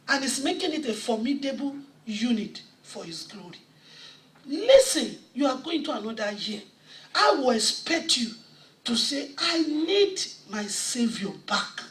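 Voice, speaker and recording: A woman preacher delivering an impassioned sermon, quoting scripture and rising to shouts at times. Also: sits high, very animated, measured pace. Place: church sanctuary. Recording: echoey church sound from a distant mic.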